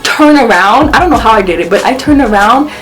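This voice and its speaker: Young woman vlogging a wild storytime, pitch jumping all over, bit high, faint music behind. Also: fairly quick. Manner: animated, swearing, acts out quotes. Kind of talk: storytime vlog.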